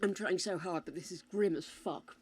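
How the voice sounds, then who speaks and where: A woman's voice: on the low side, moderate pace, heavy background noise. An older British woman streaming a game, chatting casually with her viewers, calling them darling and swearing freely. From United Kingdom. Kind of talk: casual live-stream chat.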